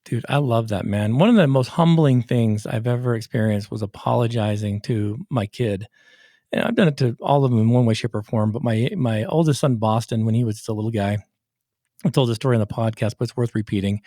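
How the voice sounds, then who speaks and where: A middle-aged man hosting a casual podcast interview, an animated storyteller who acts out the voices in his anecdotes. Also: medium pitch, no echo, clean studio sound. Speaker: podcast host and recovery coach.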